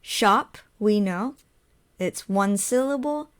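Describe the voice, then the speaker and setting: Woman ESL teacher, very slow measured delivery, mid pitch, step-by-step explainer. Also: expressive. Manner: spells out letters, asks and answers her own questions.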